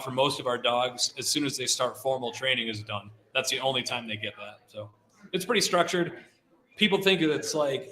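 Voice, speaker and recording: A middle-aged man who handles avalanche dogs gives a casual talk to a live audience, relaxed and chatty with lots of "like" fillers. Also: mid-range voice. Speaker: guest speaker, avalanche dog handler. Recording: roomy hall sound.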